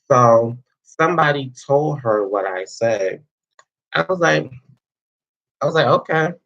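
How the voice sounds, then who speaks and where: A man's voice: mid-range voice, fairly bright tone, muffled recording. A young man telling a story to his viewers in a casual, slangy way, with lots of fillers and swearing. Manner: chatty, slangy, profane, many fillers. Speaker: vlogger.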